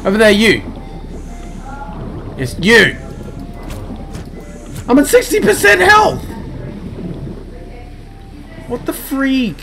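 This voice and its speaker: A man's voice: very high voice, huge pitch swings, drawn-out words, gravelly, long pauses, pushed and bright, faint music behind. A young man commentating his own gameplay, panicky and exclaiming, talking to himself as he plays. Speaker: let's play gamer.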